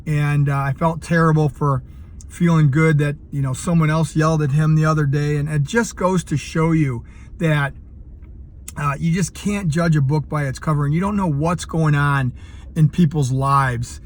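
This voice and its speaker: A man's voice: on the high side, steady tone, normal speed. A man in his fifties, a coach, telling a personal story earnestly, with frequent fillers and restarts. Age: 50s. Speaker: CrossFit coach. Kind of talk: casual personal vlog storytelling.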